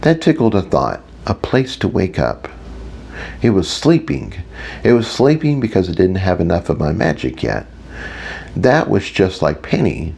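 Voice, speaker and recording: A man's voice: low voice, big pitch swings, a little slow, gravelly, darkish tone, slightly rough. A man reading a first-person audiobook as a wry, self-mocking inner monologue. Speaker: audiobook narrator.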